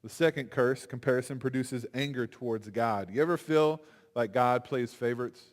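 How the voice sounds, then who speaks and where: Animated man preaching in a reverberant chapel. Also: medium pitch, moderate pace. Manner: animated, conversational preaching with acted-out quotes. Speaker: chapel speaker. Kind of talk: sermon. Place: university chapel. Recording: long hall reverb.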